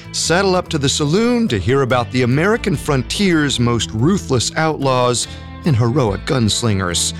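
A man reading a promo as an announcer, with punchy, showy emphasis. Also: medium pitch. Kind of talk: promo read.

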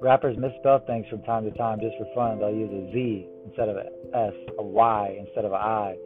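A man reading a run of one-liner jokes in a deadpan way. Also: on the low side, fairly quick. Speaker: joke teller. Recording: tinny phone-like line with music behind. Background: music.

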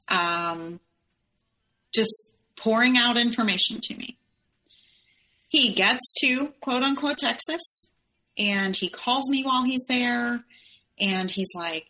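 A woman's voice: on the high side, slow pace, pauses often, bright, forceful tone. A woman as a podcast guest, candidly recounting a personal story and acting out the quoted dialogue as she tells it. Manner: candid, acts out quoted dialogue in her retelling.

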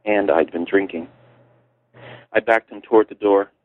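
Man from Chicago, author reading memoir, calm measured delivery, deep voice, tinny phone line.

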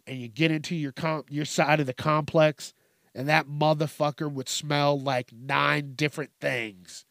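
A man's voice: fairly high pitch, fairly even intonation, measured pace, gravelly, fairly bright tone, no echo, studio quality. A young man hosting a comedy podcast, ranting in a rambling, profane way and laughing at his own jokes. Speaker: podcast host.

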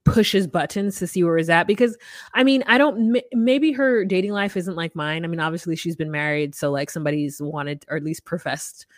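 A woman's voice: on the low side, brisk, no echo, clean studio sound. Blunt, sweary American woman. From United States. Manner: blunt, sarcastic, swears freely. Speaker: podcast co-host. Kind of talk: casual chat.

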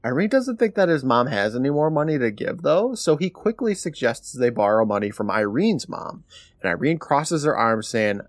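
Lively podcast host recapping. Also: male voice, medium pitch, no echo, studio quality, soft background music. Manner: animated retelling, quick laughs. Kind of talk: casual episode recap.

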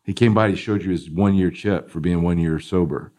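A man with a very deep voice hosts a studio podcast. He talks in a relaxed, conversational way and keeps nudging his guest along with short encouraging responses. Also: a little fast. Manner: encouraging, frequent brief affirmations. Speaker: podcast host. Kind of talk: interviewing, casual chat.

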